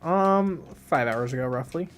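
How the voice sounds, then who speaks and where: A man's voice: mid-range voice, expressive, measured pace, faint music behind. A man streaming a game and chatting casually, telling a story full of "like" fillers and self-mocking jokes.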